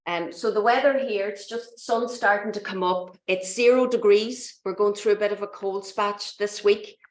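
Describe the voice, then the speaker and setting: A woman's voice: mid-range voice, steady tone, normal speed. Irish woman, 50s, maths lecturer on a video call; chatty, restarts a lot, roomy sound. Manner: chatty, self-correcting, frequent restarts and ums. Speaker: mathematics lecturer. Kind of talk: online conference talk. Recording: echoey room.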